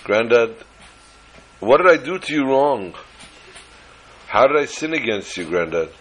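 A man's voice: mid-range voice, sing-song, a little slow, fairly bright tone, low-quality recording. A man voicing a pleading, plaintive grandson. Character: boy pleading with his grandfather.

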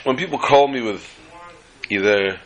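A man's voice: medium pitch, normal speed, rough recording. A man, a rabbi, giving a weekly Torah class in a chatty storytelling manner, acting out jokes.

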